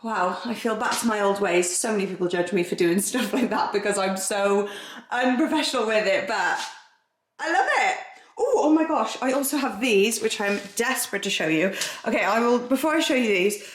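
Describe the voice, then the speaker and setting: A woman's voice: mid-range voice, a little hiss or hum. A young pregnant woman chatting casually to camera as she walks round her house, bubbly and giggly, now and then short of breath. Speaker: vlogger. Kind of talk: casual vlog chat. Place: home, walking between rooms. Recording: echoey house rooms.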